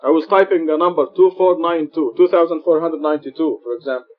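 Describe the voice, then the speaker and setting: A man's voice: fairly high pitch, steady tone, fast talker. Earnest male preacher on a dull recording. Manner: earnest, explanatory, repeats points for emphasis. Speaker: preacher teaching Quran study. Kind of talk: sermon. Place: mosque.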